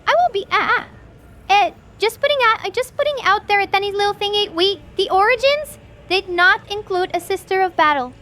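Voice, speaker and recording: A woman streamer wrapping up a live stream, gushing with excitement and tripping over her own words. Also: extremely high pitch, a little fast. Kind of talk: livestream wrap-up chat.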